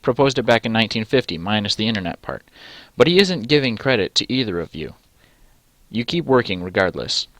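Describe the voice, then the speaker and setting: Low-voiced sarcastic gamer reading aloud. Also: male voice, sing-song, fairly quick, a bit bright, no echo. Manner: dry, sarcastic asides. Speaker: let's play gamer. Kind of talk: reading and commenting on a text game.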